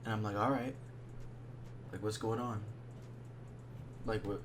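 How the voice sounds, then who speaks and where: A young man telling a rambling, slang-filled story in a casual monologue, dropping to a hush when he quotes his friend. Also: lowish voice, level tone, measured pace, noisy background. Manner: slangy, rambling, drops to hushed tones when quoting.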